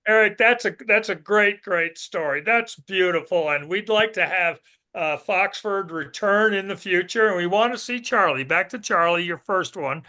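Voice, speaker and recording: Bright, high-voiced man host. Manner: halting questions with restarts. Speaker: podcast host. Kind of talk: casual interview.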